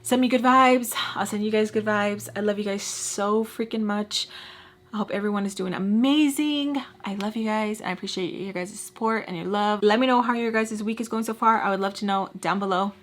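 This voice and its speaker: A woman's voice: medium pitch, moderate pace. A woman telling a personal storytime to camera in a casual way, swearing freely and acting out the people in her story. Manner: expressive, swears freely, acts out scenes with quoted voices. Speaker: storytime vlogger.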